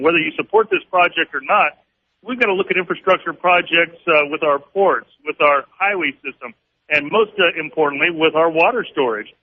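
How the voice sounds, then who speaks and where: Male politician guest, somewhat high voice, firm and on message; muffled radio sound. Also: a little hiss or hum. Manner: firm, talking-point delivery with frequent "uh" pauses. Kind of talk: political radio interview answers. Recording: dull lo-fi radio broadcast audio.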